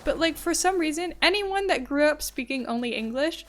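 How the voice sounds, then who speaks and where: Young American woman, bright high voice, casual storyteller, light music in the background. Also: expressive, moderate pace. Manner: chatty, laughing, quoting people in voices. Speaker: streamer. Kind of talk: casual chat.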